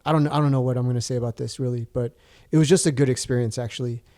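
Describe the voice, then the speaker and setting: A man's voice: mid-range voice, steady tone, very fast, mellow. A man in his forties, a podcast guest telling a story in casual chat, rambling with restarts and fillers.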